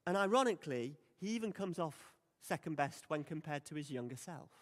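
A man's voice: on the high side, lively intonation, brisk. A man preaching a sermon in a conversational, emphatic way. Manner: conversational, emphatic, acts out quoted lines. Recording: long hall reverb.

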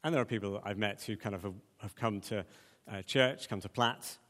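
A man's voice: on the low side, brisk, fairly bright tone. A man preaching a conversational sermon, with plenty of ums and repeated words. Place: church. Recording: long church hall reverb.

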